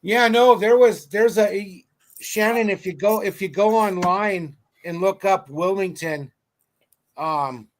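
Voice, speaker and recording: A man with a high voice spins a casual anecdote. He talks loosely and with animation, the way you would with friends. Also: slow pace. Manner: chatty storyteller, animated. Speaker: podcast co-host.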